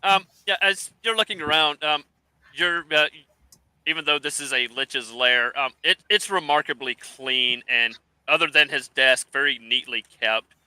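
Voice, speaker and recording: Bright, smooth-voiced male game master. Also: on the high side, dry recording, low-quality recording. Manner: halting, searching for words. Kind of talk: narrating a tabletop game.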